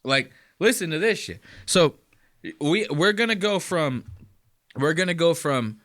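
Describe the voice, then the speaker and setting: A man's voice: a little high, animated, a little slow, fairly bright tone. A man hosting a podcast, reacting to clips with profane, incredulous rants. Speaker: podcast host.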